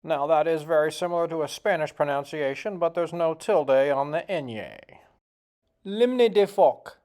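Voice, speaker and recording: A man talks in a relaxed, folksy way, cracking jokes as he chats to the camera. His tone is casual and unpolished, the way a hobby vlogger sounds when testing his own pronunciation. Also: a little high, normal speed, smooth. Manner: joking, folksy, tries out foreign words. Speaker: video host. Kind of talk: casual vlog commentary.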